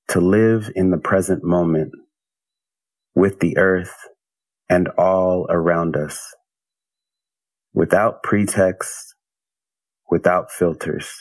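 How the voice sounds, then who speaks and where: A man speaking as a guest in a slow, measured and contemplative way. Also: sits low, dry recording, poor audio. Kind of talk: reflective talk.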